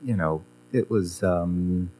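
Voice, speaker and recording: Low-voiced man reminiscing casually. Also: slow, dark tone. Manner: rambling, many fillers and restarts. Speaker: former guitar teacher. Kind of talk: casual conversation.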